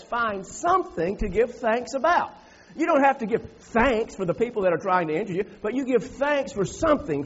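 Husky folksy man preaching. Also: sits high, lo-fi sound. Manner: folksy, repeats phrases, rising to emphatic preaching. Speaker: pastor. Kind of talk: sermon. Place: church sanctuary.

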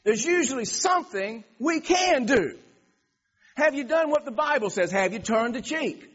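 A male preacher telling a story in a sermon, animated, stumbling over restarts and laughing along the way. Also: very high-pitched, moderate pace, husky. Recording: dull lo-fi recording.

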